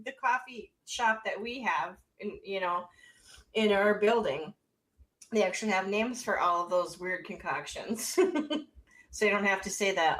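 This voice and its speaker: A woman's voice: medium pitch, unhurried, a bit bright. A woman co-hosting a radio show, chatting easily and giggling often. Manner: giggly, easygoing, trails off. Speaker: radio co-host. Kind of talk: casual radio banter.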